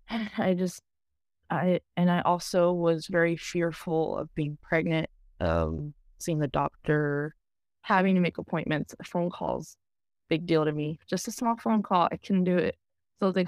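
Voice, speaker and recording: A woman's voice: on the low side, animated, a little slow, no echo, studio quality. A woman talking candidly in an interview, rambling and filling her talk with "you know" and "like". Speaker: program client sharing her story.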